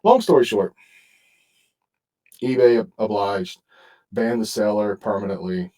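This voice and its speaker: A man's voice: on the low side, measured pace, dark tone, distant mic, rough recording. A man hosting a podcast, telling a story in casual chat and swearing constantly. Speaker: podcast host.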